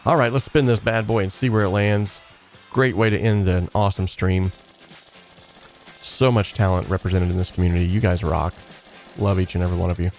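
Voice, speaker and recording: A man's voice: low voice, steady tone, moderate pace, pauses often, darkish tone, soft background music. A man hosting a casual livestream, talking in an earnest, encouraging way and rambling loosely with frequent fillers. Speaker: livestream host of a song contest.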